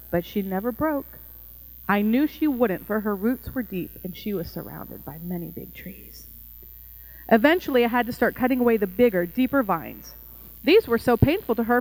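A woman narrating a first-person allegorical story in a gentle, tender, measured way. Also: fairly high pitch, poor audio.

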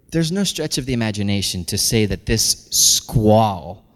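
A pastor in his thirties preaching a sermon, animated, building to loud, intense passages. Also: fairly low pitch. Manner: animated, climbs to shouting intensity. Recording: long hall reverb.

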